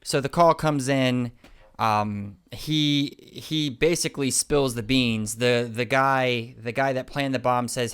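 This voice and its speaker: A man co-hosts a podcast and recaps a TV episode in relaxed chat, dropping wry, sarcastic remarks. His voice is smooth and resonant, at a medium pitch. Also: slow. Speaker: podcast co-host.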